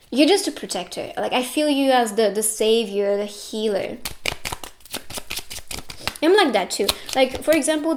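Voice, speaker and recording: A woman's voice: on the high side, a little hiss or hum. A young woman giving a casual tarot reading, earnest and reassuring, getting tearful at times. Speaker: tarot reader.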